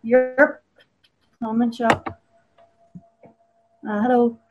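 An Irish woman with a fairly high voice speaks to an online audience over a patchy video call. She chats warmly about her past, then slips into a forceful spoken-word recitation. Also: flat delivery, extremely slow, lo-fi sound. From Ireland. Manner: chatty introduction, then emphatic dramatic recitation. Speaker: poet. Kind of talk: introducing and performing a poem. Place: home on the coast. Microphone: video call over a weak connection.

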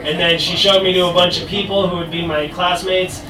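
A young American man performing his poems live on stage, joking shyly between slow, deliberate readings. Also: high voice, steady tone. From United States. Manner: self-deprecating, halting asides between slow deliberate poems. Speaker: poet. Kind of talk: live spoken word poetry reading. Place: stage in a live venue with an audience. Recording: roomy live sound from a distance, music behind.

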